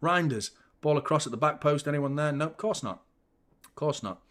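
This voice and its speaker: A man's voice: on the high side, fairly quick, a bit bright. A young man hosting a live football watchalong, ranting and swearing constantly in exasperation. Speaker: fan channel host.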